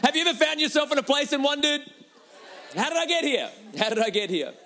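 Guy with a high voice doing a funny sermon story, laughs a lot, keeps asking the same question. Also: fast talker, a little hiss or hum. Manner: animated, laughing, repeats a rhetorical refrain.

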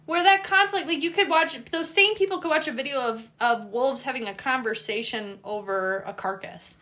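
Woman host, dog trainer, bright and animated, casual and profane. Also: high voice, moderate pace. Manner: animated, swears freely, acts out dog voices. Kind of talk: casual chat.

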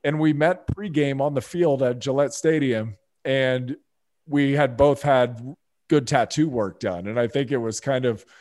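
A man's voice: mid-range voice, measured pace, a little mellow. A man hosting a podcast, reading a guest introduction and then chatting in an upbeat, friendly, conversational way. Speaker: podcast host. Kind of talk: podcast intro and casual interview.

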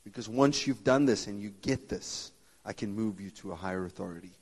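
A man's voice: fairly low pitch, fairly quick, husky. A man preaching a sermon as a pastor, joking and laughing often and acting out Bible dialogue in different voices. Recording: long reverb of a large hall.

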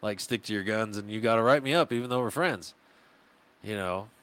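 A man telling stories on a podcast, animated and swearing freely, acting out the people he quotes. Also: on the low side, fairly quick, clean tone. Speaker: podcast guest. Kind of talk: casual podcast chat. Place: podcast studio.

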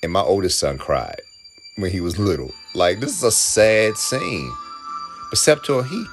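A man giving an excited, emotional reaction commentary while watching a film. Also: low voice, unhurried, faint music behind. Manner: emotional, exclaiming, laughing often. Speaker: reaction video host.

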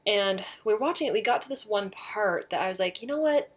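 A middle-aged woman telling a personal story in a chatty, animated way, laughing often. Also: mid-range voice, a little fast. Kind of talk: casual storytelling.

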